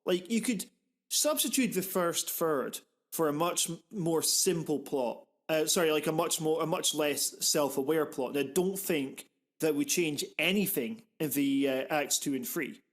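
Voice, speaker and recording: A man hosting a film podcast, talking in an animated, rambling way and swearing freely. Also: a little high, unhurried. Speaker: podcast host. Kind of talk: casual film discussion.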